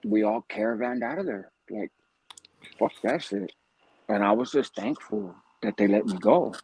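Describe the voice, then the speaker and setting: Raspy Bay man telling stories. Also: lowish voice, moderate pace, poor audio. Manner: animated, profane, streetwise slang. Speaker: guest telling a story. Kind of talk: casual storytelling.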